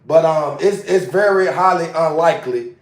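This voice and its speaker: A man's voice: fairly high pitch, normal speed, recorded from a distance. A man on a casual livestream, talking in an agitated, profane way and repeating himself, recorded away from the mic. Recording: roomy sound, away from mic.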